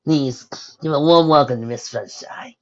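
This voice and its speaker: A reader voicing a warm, motherly female horse ruler who speaks heartily and gently teases, in a muffled lo-fi recording. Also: mid-range voice, normal speed, a little hiss or hum, pitched above the performer's own voice, close to an everyday voice. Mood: formal welcome.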